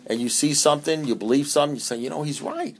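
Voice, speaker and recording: A man's voice: fairly high pitch, quick pace, slight background noise. A man giving a humorous, emphatic talk at a recovery meeting, with many restarts and repeated phrases. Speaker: AA speaker.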